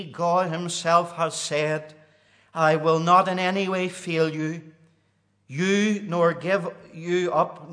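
A man preaches a sermon, reading scripture in a King James cadence and swelling into loud, high declamation.

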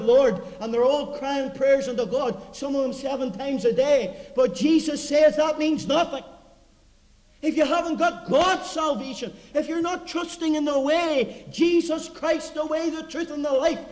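A man preaching a revival mission sermon, swinging between hushed low asides and loud, impassioned shouting. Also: big-room sound, poor audio.

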